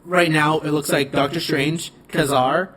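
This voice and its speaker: A man hosting a casual podcast chat, enthusiastic and halting, with many fillers. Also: on the high side, steady tone, fairly bright tone. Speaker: podcast host.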